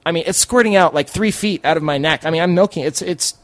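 A man guesting on a podcast, telling a wild story in a casual, animated and profane way. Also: a little high, quick pace, no room sound.

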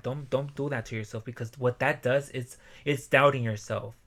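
Young guy doing a solo self-help podcast, cussing nonstop, bright punchy voice, mid pitch. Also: moderate pace. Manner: profane, animated, bursts into yelling. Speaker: podcast host. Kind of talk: motivational podcast monologue.

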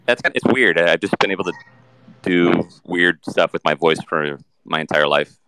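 Guy with a really low voice, chill and rambly, podcast guest. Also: normal speed, bright, forceful tone, slight background noise, rough recording. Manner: casual, rambling, laid back. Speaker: guest voice impressionist. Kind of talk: casual chat.

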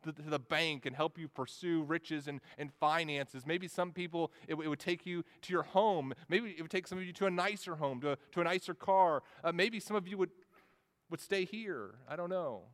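A man's voice: a little high, normal speed, fairly bright tone. A man preaching a sermon, earnest and repeating words as he goes. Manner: earnest, with frequent word repetitions. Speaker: pastor. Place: church sanctuary. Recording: long reverb of a church hall.

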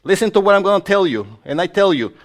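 This sermon comes from a male pastor whose voice is noticeably high, expressive and fast. He speaks straight to the congregation, emphatic and full of exclamations.

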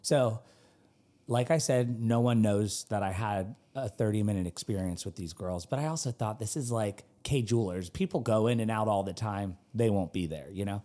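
A man from North Carolina co-hosting a podcast, chatting casually and telling stories with quick asides. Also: on the low side. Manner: animated storyteller, quick asides. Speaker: podcast co-host. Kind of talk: casual chat.

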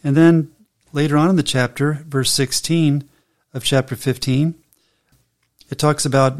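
A man co-hosting a faith podcast, calm and measured, reading and explaining scripture steadily. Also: mid-range voice. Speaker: podcast co-host and Bible teacher. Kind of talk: casual faith podcast chat.

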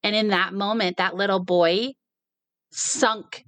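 A woman co-hosting a casual talk show, telling stories with animated, acted-out quotes. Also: medium pitch, slow pace, no echo. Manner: animated, acts out quoted dialogue. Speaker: podcast co-host. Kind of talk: casual conversational storytelling.

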